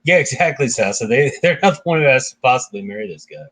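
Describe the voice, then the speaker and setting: A man's voice: medium pitch, animated, fast talker, fairly bright tone, rough recording. Chatty man hosting a book discussion. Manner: conversational, reads passages aloud, chatty asides.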